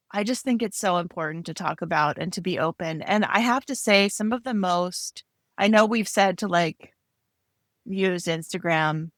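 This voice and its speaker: A woman co-hosting a podcast about art, talking in a relaxed, reflective way with frequent fillers. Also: fairly low pitch, dry recording, studio quality. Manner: warm, reflective, lots of fillers and laughs. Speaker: podcast co-host. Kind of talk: casual chat.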